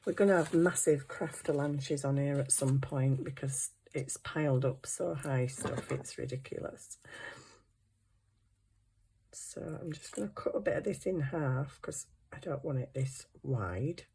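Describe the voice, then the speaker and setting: A woman's voice: extremely low pitch, measured pace, creaky, dark tone, a little hiss or hum. A middle-aged woman, chatting to herself while crafting in a casual vlog, flustered and apologetic. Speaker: craft channel host.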